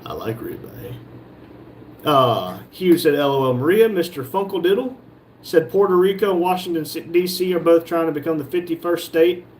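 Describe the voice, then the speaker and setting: Broadcasting live from a shop, a man reads viewers' comments aloud and jokes back at them in casual chat. His voice is a little high, with slight background noise.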